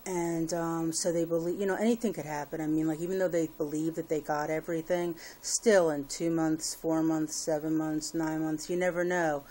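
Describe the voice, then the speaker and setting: A woman's voice: deep voice, fairly even intonation, moderate pace, few pauses, mellow. A woman giving a casual personal update to her viewers, rambling with many fillers and restarts. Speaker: vlogger.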